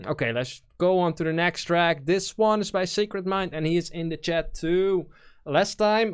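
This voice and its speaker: A man's voice: on the high side, clear, resonant tone. A man with a Dutch accent hosting a stream, talking casually as he gives technical feedback on music demos and thinks aloud. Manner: thinks aloud with fillers, explains technical points.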